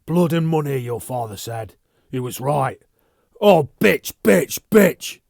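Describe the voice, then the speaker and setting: A man's voice: medium pitch, fairly even intonation, measured pace, darkish tone, no room sound, lightly acted. A tormented, volatile spaceman speaks in raised, urgent bursts, as a man reads him. The delivery is pleading and bitter. The recording is dry and close. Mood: furious.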